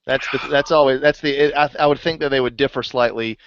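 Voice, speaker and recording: A man hosting a casual live hangout, asking relaxed, joking questions. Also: mid-range voice, quick pace, muffled recording, a little hiss or hum. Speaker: host.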